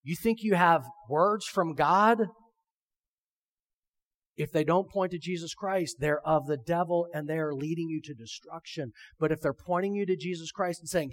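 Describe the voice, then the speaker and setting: A male pastor delivers an emphatic sermon in a fairly high voice. He reads scripture aloud and drives each point home with rhetorical questions. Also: moderate pace.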